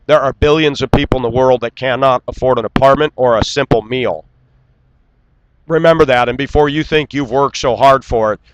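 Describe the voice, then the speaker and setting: A man delivering an indignant, lecturing rant straight to camera and clearing his throat now and then. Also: medium pitch, noisy background. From United States. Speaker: vlogger. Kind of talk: ranting monologue.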